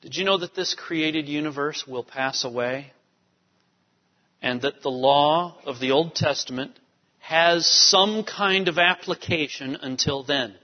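A man preaching a sermon to a congregation, emphatic and animated, with asides to the people in the pews. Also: fairly high pitch, unhurried. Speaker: pastor. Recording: dull sound in a reverberant hall.

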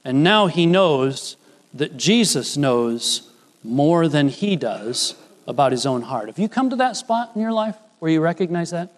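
This preacher's voice swings widely in pitch and runs a little slow, echoing with long hall reverb. Earnest and explanatory, he often cites scripture with rising emphasis, going higher when he quotes Jesus and Peter.

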